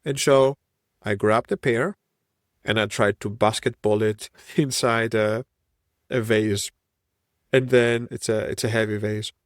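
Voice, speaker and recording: A man's voice: lowish voice, fairly even intonation, a little slow, no echo, clean studio sound. A man in his thirties with a Greek accent, hosting a solo podcast in a reflective, wandering way. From Greece. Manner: reflective, musing, wandering train of thought. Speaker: podcast host.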